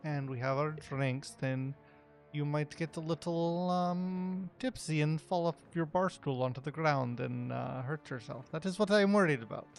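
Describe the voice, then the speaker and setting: A woman voicing a calm, rational male adventurer in a tabletop game, speaking patiently and a little haltingly. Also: deep voice, soft background music, voice pushed down. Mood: reassuring. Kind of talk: in-character tabletop role-play.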